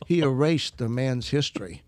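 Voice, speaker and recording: A man's voice: mid-range voice, normal speed, no echo, clean studio sound. A man casually telling a story, acting out the people in it and laughing often. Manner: animated, acts out quoted voices, laughs often. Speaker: guest storyteller.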